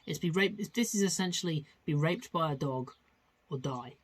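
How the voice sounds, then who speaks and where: A man's voice: fairly high pitch, normal speed, slightly rough. A man hosting a comedic vlog, talking in a rambling, crude way with frequent restarts. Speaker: vlog host. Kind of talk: casual comedic vlog chat.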